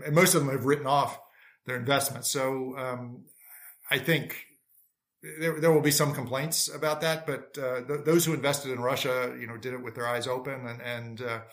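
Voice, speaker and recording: A man speaking as a policy expert guest in a panel discussion, reasoning aloud in a measured way. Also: medium pitch, a bit bright.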